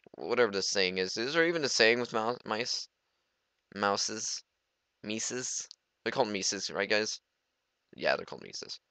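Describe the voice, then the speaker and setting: A man's voice: fairly low pitch, pushed and bright, smooth, no echo. A teenage boy giving rambling, goofy let's play commentary, talking to himself as he plays. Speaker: gamer.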